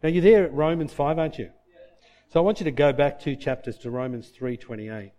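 This is a brisk sermon from a male pastor who quizzes the congregation and answers his own questions. Heartfelt moments bring his voice down, soft and low.

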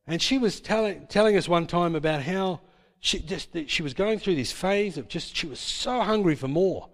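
A man's voice: high-pitched, expressive, moderate pace. A man preaching a sermon as pastor, emphatic and repeating his points with tag questions. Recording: long hall reverb.

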